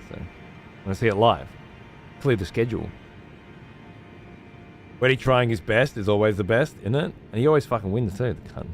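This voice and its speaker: A man, chatting casually on a live stream as he reads out viewer messages, laid-back and swearing freely. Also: on the low side. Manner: laid-back, swears freely, uses slang like mate and cunt. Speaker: streamer reading chat.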